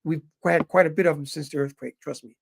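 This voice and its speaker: A man in his fifties telling his viewers a story in a casual, animated way and calling them brothers. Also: fairly high pitch, fast talker, creaky, husky. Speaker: vlogger living in Japan.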